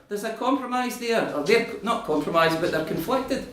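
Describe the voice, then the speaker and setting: A middle-aged Scottish man addresses a room, animated and argumentative. His voice sits a little high for a man. The sound bounces around an echoey community hall. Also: brisk, hardly any pauses. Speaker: invited political speaker. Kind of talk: public talk answering audience questions.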